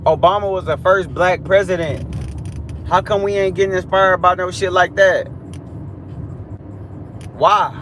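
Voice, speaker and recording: A young man with a high voice delivers a heated, preachy rant straight to his live-stream viewers, repeating himself. He is outdoors on a city street, with traffic noise clearly heard behind him. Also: steady tone, unhurried, long pauses, fairly bright tone. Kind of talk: ranting live-stream monologue.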